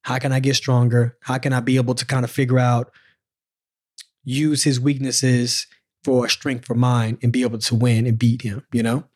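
Animated storytelling man in his forties. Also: medium pitch, normal speed, husky. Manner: animated storyteller, slangy, acts out moments. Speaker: former sprinter telling his story. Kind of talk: casual podcast conversation.

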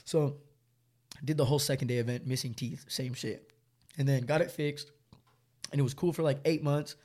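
A man's voice: mid-range voice, fairly even intonation, normal speed, a little mellow. A young man, telling a long story in slangy, rambling casual chat and laughing often. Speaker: storyteller guest.

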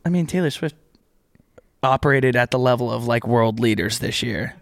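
A man's voice: mid-range voice, vocal fry, dry recording. A young man co-hosting a podcast, chatting casually with jokes and rambling asides. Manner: joking, rambling, quick asides. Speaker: podcast co-host. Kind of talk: casual chat.

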